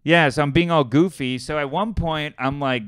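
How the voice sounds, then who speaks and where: A man's voice: fairly high pitch, moderate pace, clean tone, no echo, clean studio sound. A man co-hosting a podcast, telling a story in casual chat and acting out the people in it. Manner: storytelling, riffing with quoted voices. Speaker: podcast co-host.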